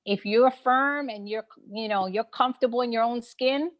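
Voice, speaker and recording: A woman speaks with a Brooklyn, New York accent as a guest in a casual online chat. She is frank and animated, and she laughs easily and uses plenty of fillers. It sounds like a video call. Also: fairly high pitch, normal speed, lo-fi sound. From New York City. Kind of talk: casual conversation on a live online session.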